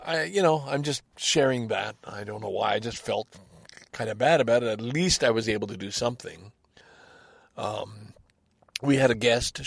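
A man's voice: medium pitch, gravelly, no echo. A man from Canada hosting a podcast, talking alone in a casual, rambling and candid way with frequent restarts and the odd swear word. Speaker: podcast host. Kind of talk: casual solo monologue.

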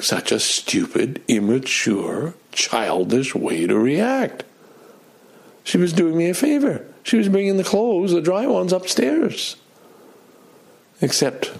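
A man's voice: a little high, gravelly, breathy edge. A middle-aged man telling a personal story in a casual, self-deprecating way, acting out his own outbursts.

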